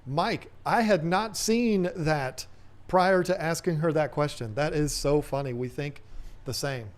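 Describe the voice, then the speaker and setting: A man's voice: a little high, a little slow. A man hosting a casual livestream Q&A, chatting in a rambling way and reading viewer comments aloud. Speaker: host.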